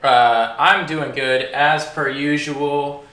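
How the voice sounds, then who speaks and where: A man's voice: a little high, fairly even intonation, slow pace, sharp tone, reverberant. An American man co-hosting a casual live stream, laid-back, rambling and jokey. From United States. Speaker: co-host.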